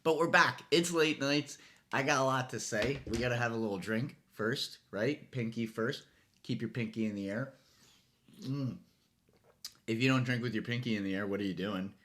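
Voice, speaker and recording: A man's voice: medium pitch, moderate pace, fairly bright tone. A man hosting a late-night comedy monologue, rambling and self-mocking, recorded on a phone. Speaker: host.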